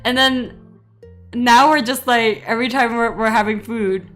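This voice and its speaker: Giggly high-voiced woman streamer. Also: a little slow, soft background music. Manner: giggly, animated storytelling with frequent laughs. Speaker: VTuber streamer. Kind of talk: casual livestream chat.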